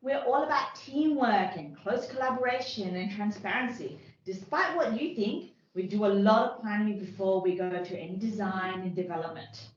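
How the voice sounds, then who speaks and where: A woman's voice: mid-range voice, moderate pace, few pauses, close to an everyday voice. A woman playing a defensive agile team lead who explains her team's methods firmly, in an amateur workplace role-play over a video call. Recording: very echoey, distant mic, dull lo-fi sound.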